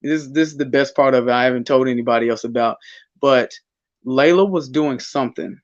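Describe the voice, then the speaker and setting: Un hombre invitado a un pódcast, conversando de manera informal y relatando historias con muchas pausas y frases que vuelve a empezar. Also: male voice, medium pitch, dull audio. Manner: rambling storyteller, many restarts. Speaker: podcast guest. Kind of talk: casual chat.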